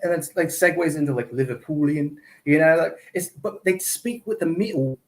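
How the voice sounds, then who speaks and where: A man's voice: fairly high pitch, moderate pace. Rambling storyteller man from Michigan. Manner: rambling storyteller with many fillers and restarts. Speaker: podcast guest, actor. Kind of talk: casual chat.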